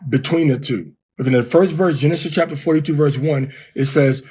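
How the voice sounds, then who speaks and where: A man giving an informal lesson, explaining step by step and sounding words out slowly. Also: on the high side, dark tone, husky. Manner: explains step by step, reads verses aloud slowly. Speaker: Hebrew teacher.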